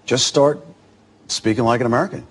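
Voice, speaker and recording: An Australian actor in his forties, a talk-show guest telling lively anecdotes and acting out other people's voices. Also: mid-range voice, brisk, slight background noise. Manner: animated storyteller, acts out other voices. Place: television studio.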